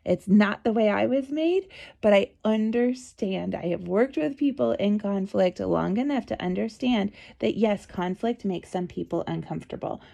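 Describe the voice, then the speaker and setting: A woman's voice: medium pitch, moderate pace, gravelly, dark tone, lo-fi sound. A woman hosting a podcast, telling a chatty, reassuring story about her own experience. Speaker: podcast host.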